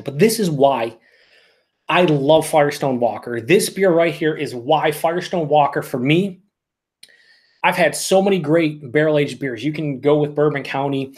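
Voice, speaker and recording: A man doing a live beer review, talking excitably and swearing a lot as he reacts to each sip. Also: fairly high pitch, normal speed. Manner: excitable, profane, emphatic.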